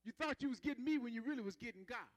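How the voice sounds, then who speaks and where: A man's voice: very high voice, very fast, dry recording, poor audio. A man preaching a sermon in a conversational style, calling for responses from the congregation and building rhythmic emphasis.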